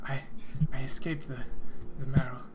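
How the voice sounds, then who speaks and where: A man voicing a weak, starving young woman of a sea people, who speaks haltingly and softly. It is part of a live-streamed tabletop game. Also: medium pitch, little pitch movement, very noisy, lightly acted. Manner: halting, breathless, hesitant.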